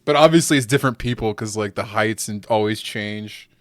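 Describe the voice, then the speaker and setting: A man's voice: fairly low pitch, brisk, fairly bright tone, no room sound, clean studio sound. A man hosting a podcast in casual chat, rambling and swearing freely, with lots of "like". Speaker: podcast host.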